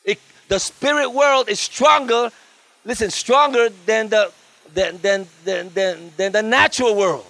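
This guest pastor's voice is high-pitched and unhurried as he preaches a sermon at a church service. Fervent throughout, he adds lively storytelling asides and calls out for amens.

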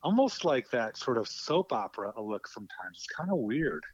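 A man's voice: mid-range voice, sing-song, moderate pace, slightly rough, dry recording. A middle-aged man calling in as a podcast guest, friendly and chatty. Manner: friendly, chatty, laughs easily. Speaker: guest on a phone call. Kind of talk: casual chat. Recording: dull dry phone line.

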